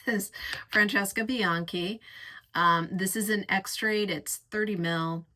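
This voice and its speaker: Slow-talking, bright-voiced woman fragrance reviewer. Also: medium pitch. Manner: effusive and vivid, lingering over each word. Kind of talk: casual reviewing chat.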